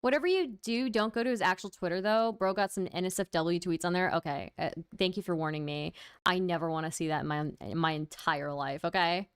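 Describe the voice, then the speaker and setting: A woman livestream host chats casually with her viewers, tired and wry, often laughing at what she says. Her voice is smooth and clear. The sound is dry and close. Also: fairly low pitch, fairly quick, dry recording. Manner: reads out and thanks viewer donations. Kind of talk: casual stream chat.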